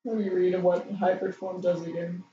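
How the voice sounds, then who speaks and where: A woman's voice: on the low side, little pitch movement, moderate pace, a little hiss or hum. A woman playing in a casual tabletop game, bargaining and reading rules, laughing often. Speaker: player. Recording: echoey, dull lo-fi sound.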